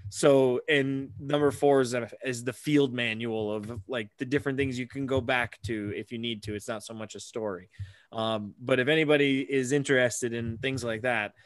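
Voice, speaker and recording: A man hosting a casual podcast, a father who tells animated stories and swears freely. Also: medium pitch, normal speed, no room sound. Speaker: podcast host.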